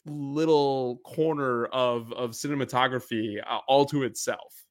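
A man from Wisconsin, a guest answering quiz questions in a casual radio chat, relaxed and measured, sometimes stumbling over his words. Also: mid-range voice.

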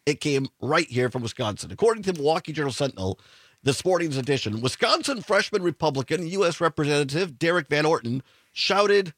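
A man's voice: a little high, fairly bright tone, dry recording. A man hosting a political talk radio show, sarcastic, with chuckling asides and frequent restarts.

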